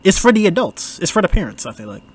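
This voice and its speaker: A man talking through a film on his podcast in a relaxed, slangy way. His voice sits fairly high and swings widely in pitch. He breaks into laughs often between remarks. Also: quick pace, slightly rough. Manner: laid-back, laughs often, loose slangy asides. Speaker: podcast host. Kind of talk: casual movie commentary.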